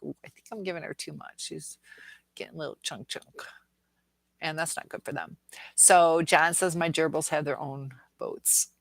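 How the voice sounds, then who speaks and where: Chatting with viewers from her home in the Detroit area, this livestream host rambles through comments, leans heavily on filler words, and coos at her dog now and then. She has a deep but fairly bright voice. The phone or webcam recording is dry.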